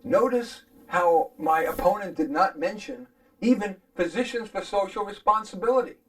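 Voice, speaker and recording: A man's voice: sits high, poor audio. A man arguing his side in a formal debate, emphatic and pointed in his rebuttal.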